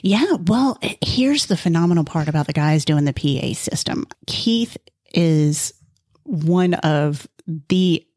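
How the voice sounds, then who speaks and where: A woman's voice: low voice, animated, slow, darkish tone, dry recording, clean studio sound. A woman guest, a volunteer organizer, telling stories eagerly in a casual interview, with emotional asides and many restarts.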